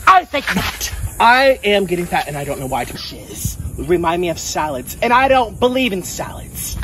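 A man's voice: high-pitched, sing-song, moderate pace. A man vlogging in a comedic bickering style, whiny and dramatic, breaking into shrieks. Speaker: food vlogger. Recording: noisy home video.

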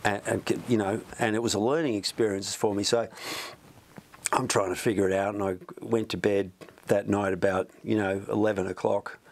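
Chatty man, low voice. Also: flat delivery, normal speed, creaky. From Australia. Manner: rambling, chatty, many restarts. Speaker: musician guest. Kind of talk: storytelling in an interview. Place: music studio.

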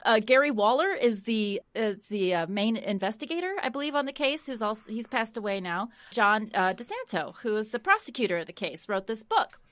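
A woman co-hosting a casual true-crime podcast, trading quick reactions and reading case facts in short bursts. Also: on the high side, big pitch swings, a bit bright, no room sound. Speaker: podcast co-host.

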